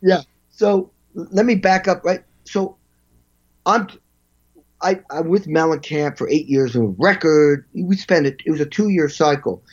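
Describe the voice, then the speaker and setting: A man in an interview telling animated stories as a session drummer, acting out quotes and vocalizing drum parts. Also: fairly high pitch, measured pace, husky, lo-fi sound. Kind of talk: storytelling interview.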